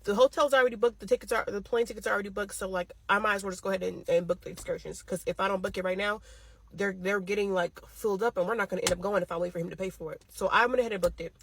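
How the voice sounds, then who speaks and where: A woman's voice: mid-range voice, fairly even intonation, very fast, slight background noise. A woman telling a story in a casual, heated rant, blunt and full of swearing, speaking close to a phone mic. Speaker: storytime vlogger.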